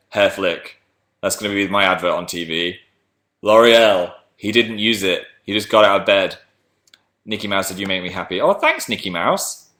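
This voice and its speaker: A man's voice: medium pitch, a bit bright. A man hosting a casual livestream, reading viewer messages aloud and rambling in a chatty, self-deprecating way. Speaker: livestream host.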